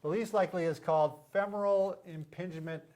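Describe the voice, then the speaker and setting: A man's voice: sits high, steady tone, a little fast, darkish tone. A middle-aged man who is a physical therapist, hosting a casual, joking explainer and tripping over medical terms. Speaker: physical therapist, show host.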